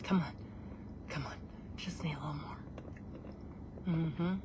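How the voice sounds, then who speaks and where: A woman hosting a casual live video on her phone, talking in an excitable, rambling way. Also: sits low, measured pace, noisy background. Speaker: live-stream host. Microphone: phone camera.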